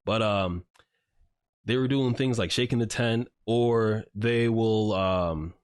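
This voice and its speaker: A man's voice: on the low side, slow pace, clear, resonant tone, dry recording, studio quality. A man hosting a podcast, recounting a story in a rambling, casual way with lots of filler words and swearing. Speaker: podcast host. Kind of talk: casual chat.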